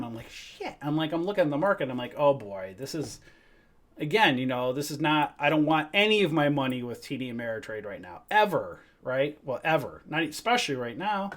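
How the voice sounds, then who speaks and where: A man's voice: on the high side, big pitch swings, a little fast, a bit bright. A middle-aged man hosting a trading livestream, ranting casually and profanely, acting out quotes from phone calls. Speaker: trading show host.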